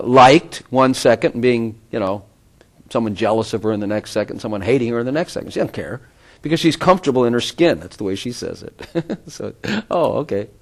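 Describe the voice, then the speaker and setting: A middle-aged man giving an informal sermon, rambling with conversational asides and frequent chuckles. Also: medium pitch. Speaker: preacher.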